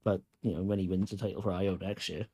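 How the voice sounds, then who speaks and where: A man's voice: deep voice, flat delivery, fast, dark tone, breathy edge. A man bantering bluntly and crudely as a podcast co-host, filling his talk with "like" and "yeah". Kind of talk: casual motorsport chat.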